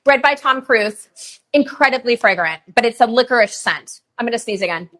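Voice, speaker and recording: A woman hosting a live shopping stream for roses, chatting casually with lots of fillers and pauses. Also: fairly high pitch, animated, a bit bright. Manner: chatty, many fillers, emotional at times. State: tearful. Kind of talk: live sales stream chat. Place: rose farm, humid.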